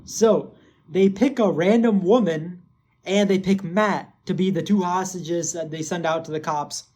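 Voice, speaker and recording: A man's voice: high-pitched, a little slow. Rambling profane young man recapping a show. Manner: rambling, heavy filler words, profane; gets excited and loud when hyping. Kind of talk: casual episode recap.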